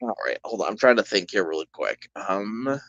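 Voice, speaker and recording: A man's voice: on the low side, lively intonation, moderate pace, creaky, a bit bright, no echo. A man chats his way through a solo tabletop game, rambling and breaking off for asides. His mic sounds dull and lo-fi, with a dry, close sound. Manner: rambling, chatty, with restarts and asides.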